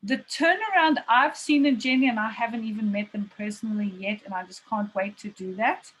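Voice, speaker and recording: A woman's voice: fairly high pitch, fairly quick, a bit bright, husky, low-quality recording. A woman in her forties, a team coach, speaking on a video call in a heartfelt, emphatic, motivational way. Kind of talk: emotional motivational talk. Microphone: video call mic. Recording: faint background noise on a video call.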